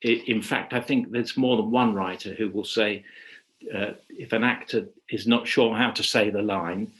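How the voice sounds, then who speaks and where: A man leading a webinar workshop on writing radio drama. He talks in a measured, reflective way and often pauses to rephrase. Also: lowish voice, steady tone, fairly bright tone. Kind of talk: webinar lecture. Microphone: video call.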